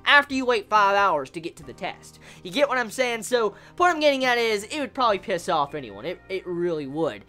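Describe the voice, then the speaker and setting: A woman giving a casual, blunt and profane anime review, with stammered restarts and drawn-out rhetorical questions. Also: medium pitch, sing-song, sharp tone. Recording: faint music behind.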